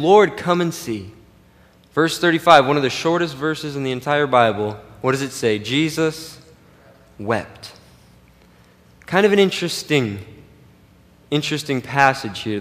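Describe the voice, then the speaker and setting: A man's voice: moderate pace, long pauses. Preaching man in an echoing hall. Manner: swings from loud emphatic peaks to quiet low asides. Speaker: pastor. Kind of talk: sermon.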